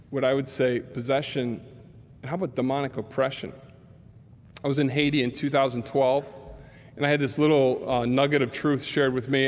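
A man preaching a sermon as a pastor, telling stories and acting out the voices in them. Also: medium pitch. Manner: animated storyteller acting out quotes. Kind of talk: sermon storytelling. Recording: long hall reverb.

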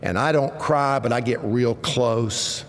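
A man in his fifties preaching a sermon, earnest and measured, his voice swelling at points of emphasis. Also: mid-range voice, a little hiss or hum. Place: church sanctuary. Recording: long reverb of a church hall.

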